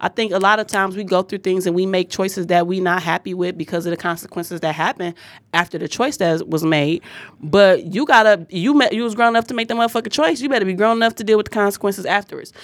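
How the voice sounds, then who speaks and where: A woman's voice: mid-range voice, fast talker, dry recording. Blunt, profane woman preaching casually. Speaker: podcast co-host. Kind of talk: casual podcast chat.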